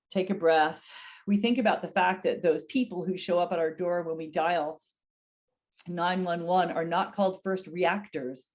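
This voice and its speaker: A middle-aged woman with a somewhat low voice teaches a webinar on caring for people with dementia. She speaks earnestly and unhurriedly, and her voice lifts when she acts out the phrases a caregiver might say. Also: a little mellow. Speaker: dementia care educator. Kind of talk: educational webinar talk.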